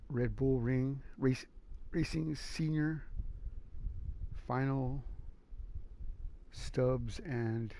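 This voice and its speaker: A man hosting a sim racing league stream, chatting casually and excitably in a rambling way, calling everyone man and dude. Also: medium pitch. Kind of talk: casual live-stream race commentary.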